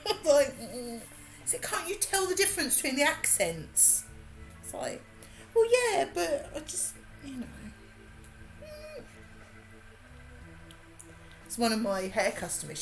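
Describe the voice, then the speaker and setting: A woman with a Birmingham accent, chatting casually and laughing while she works on a craft during a livestream. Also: mid-range voice. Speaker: livestream host.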